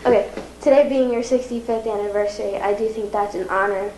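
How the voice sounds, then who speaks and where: A woman's voice: mid-range voice, fairly even intonation, brisk, mellow. A teenage woman giving a rambling, giggly video message to her grandparents, recorded in an echoey room. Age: teens. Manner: rambling, giggly, tearful toward the end. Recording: echoey room with faint noise.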